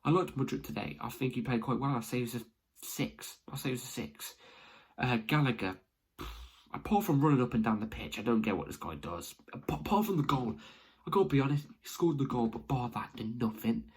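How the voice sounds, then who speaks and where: Husky, excitable young man. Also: medium pitch, brisk. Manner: rambling, excitable, restarts often. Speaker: football fan vlogger. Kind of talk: excited match reaction. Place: home.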